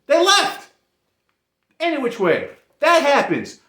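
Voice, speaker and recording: A man telling a comic story to camera in an animated way, laughing often and insisting he isn't making anything up. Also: very high-pitched, slow. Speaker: vlogger. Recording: roomy echo.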